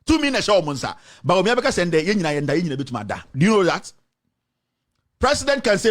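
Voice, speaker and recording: A Ghanaian man hosts a political call-in radio show with a fiery, combative delivery. His voice sits fairly high for a man, and he moves quickly between English and Twi. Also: very animated. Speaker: radio talk show host. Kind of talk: heated political talk radio.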